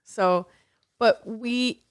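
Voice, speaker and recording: A woman co-hosting a casual podcast tells an animated story and swears freely. Her voice sits a little high. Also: extremely slow. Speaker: podcast co-host. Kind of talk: casual chat.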